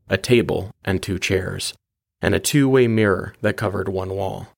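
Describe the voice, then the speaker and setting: A man hosting his podcast and narrating a first-person science-fiction short story in a measured, steady way. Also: deep voice, gravelly, slight background noise.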